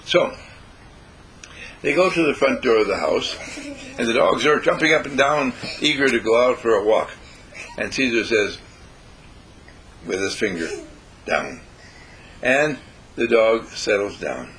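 A man telling a story in an animated way, acting out the quotes and drawing a lesson from it. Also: medium pitch, measured pace, pauses often, a little hiss or hum, poor audio. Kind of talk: storytelling talk with moral.

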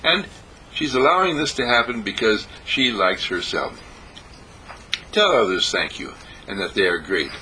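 A man giving a spiritual meditation talk, gentle and repetitive, with sing-song emphasis. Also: lowish voice, expressive, a little slow, pauses often, a little hiss or hum, low-quality recording. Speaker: spiritual teacher. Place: monastery breakfast table.

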